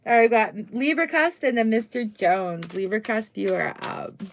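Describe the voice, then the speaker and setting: A woman's voice: fairly high pitch, lively intonation, normal speed. A middle-aged woman doing a casual, chatty tarot reading on a live stream, full of upbeat exclamations. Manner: chatty, upbeat, exclamations and little sung bits.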